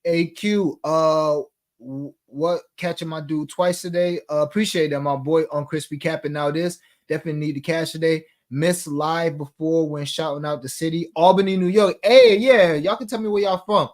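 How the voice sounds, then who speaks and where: A man's voice: fairly high pitch, fairly even intonation, moderate pace. A man hosting a sports betting talk show, chatting casually in slang and reading viewer comments aloud.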